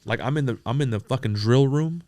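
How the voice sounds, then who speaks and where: A man from San Diego telling profane, animated stories as an interview guest, acting out the dialogue he quotes. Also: mid-range voice, a little fast, no room sound. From San Diego, USA. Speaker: entrepreneur guest. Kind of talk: casual storytelling interview.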